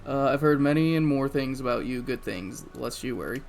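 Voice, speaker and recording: A man voicing a brusque female ranch boss in a put-on rough Cockney-style accent, reading game dialogue aloud with slips. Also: mid-range voice, a little mellow, a little hiss or hum, lightly acted. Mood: gruff. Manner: halting read with slips and laughter.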